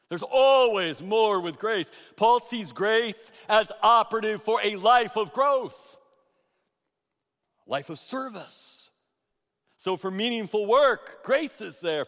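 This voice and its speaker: A man preaching a sermon as pastor, swinging between loud emphatic bursts and hushed asides. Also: sits high. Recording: long reverb of a large hall.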